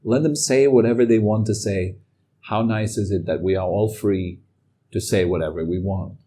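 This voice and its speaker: Man, meditation teacher, calm reflective talk, low mellow husky voice. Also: moderate pace. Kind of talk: dharma talk.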